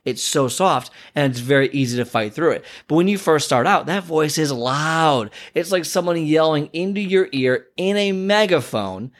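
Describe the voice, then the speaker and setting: A man's voice: a little high, expressive, moderate pace, hardly any pauses. A man who works as a fitness trainer and coach, giving an earnest motivational talk full of emphatic repetition.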